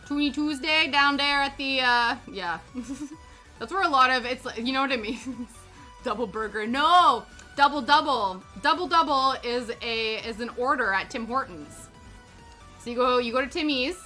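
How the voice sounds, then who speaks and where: A woman's voice: fairly high pitch, a little slow, pushed and bright. A young Canadian woman with a Canadian accent, chatting casually and giggling as she rambles on a crafting livestream. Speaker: streamer. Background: background music.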